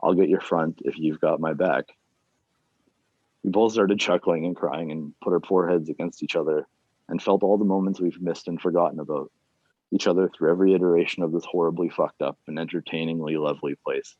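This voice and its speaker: A man reading his own fiction aloud at an online reading series, plain and unhurried, with casual asides between chapters. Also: low voice, steady tone, no echo. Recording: dull, dry lo-fi sound.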